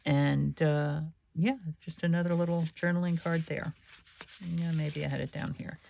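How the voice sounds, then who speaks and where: A woman with a low, gravelly voice talks unhurriedly through her handmade journals. She rambles in a chatty way, stopping for small laughs and fillers. A faint hiss sits under the recording. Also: fairly even intonation, normal speed. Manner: chatty, meandering, with soft laughs and many fillers. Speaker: crafting channel host. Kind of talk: casual craft flip-through.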